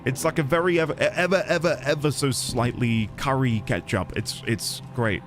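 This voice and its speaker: A man's voice: medium pitch, normal speed, faint music behind. A man streaming a game, musing aloud playfully as he reads notes and explores. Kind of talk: let's-play commentary.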